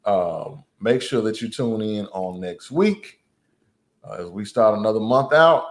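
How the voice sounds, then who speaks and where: Soft-spoken low-voiced man. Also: animated, unhurried. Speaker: podcast co-host. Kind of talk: casual chat with his wife.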